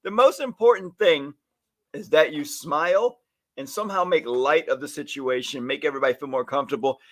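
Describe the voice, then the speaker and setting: A man's voice: fairly high pitch, fairly quick. A man co-hosting a casual chat about salon work, acting out little scenes as he talks. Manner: animated, acts out little scenes with voices. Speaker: podcast co-host, stylist educator. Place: home or studio, live stream.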